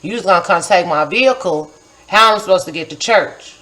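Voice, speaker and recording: A woman around forty tells a personal story to her viewers in a loose, conversational way. She talks in an animated manner, scattering "like" and "you know" throughout, and acts out what she once said in a livelier voice. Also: on the low side, a little fast, poor audio. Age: about 40. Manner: acts out her own past remarks in a livelier voice. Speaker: poet and vlogger.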